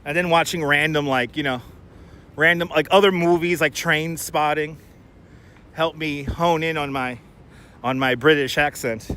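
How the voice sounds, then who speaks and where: A man's voice: on the high side, fairly even intonation, a little slow, bright, forceful tone, clean tone. A man hosting a casual live stream while walking city streets, chatting and answering viewer comments on a clip-on mic. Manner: chatty, rambling, reads viewer comments aloud. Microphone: wireless clip-on mic.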